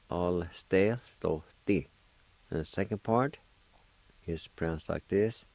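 Man, radio language teacher, very low voice, slow and patient, dry studio sound. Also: gravelly, a little mellow, no room sound. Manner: deliberate, spells out and repeats each syllable.

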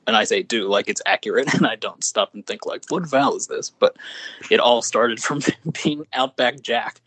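A man's voice: lowish voice, normal speed, a bit bright, no room sound. A man co-hosting a podcast in casual chat, a giggly, rambling storyteller. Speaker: podcast co-host.

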